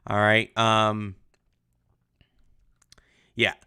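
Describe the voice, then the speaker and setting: A man's voice: mid-range voice, unhurried, pushed and bright, smooth. A young adult male history teacher giving a casual livestreamed lesson, chatty with lots of ums, answering viewer comments. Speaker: high school history teacher.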